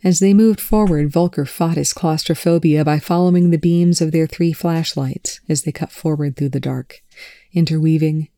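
An audiobook narrator reading prose in an even, measured way. The tone is mellow and dark. The recording is close and dry. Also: medium pitch, no echo. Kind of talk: scripted narration.

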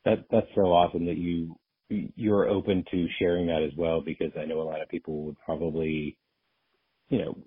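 A man's voice: low voice, level tone, moderate pace, slightly rough, no room sound. A man hosting a casual podcast interview, affirming and appreciative toward his guest. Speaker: podcast host. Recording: dry, phone-like narrow-band audio.

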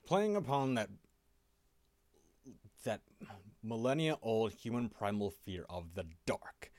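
Low-voiced man chiming in calmly. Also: no room sound. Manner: measured, adds dramatic summarizing lines. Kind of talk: casual chat.

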